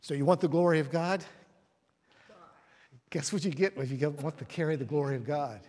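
Man preaching a sermon in church, kinda high voice, long echo off the hall. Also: normal speed. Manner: storytelling, drops to hushed tones. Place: church service.

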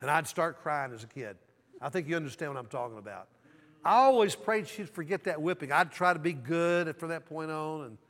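Brief: man from the American South, middle-aged pastor, storytelling sermon with call-and-response, slightly high voice, echoing hall. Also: a bit bright. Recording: long hall reverb.

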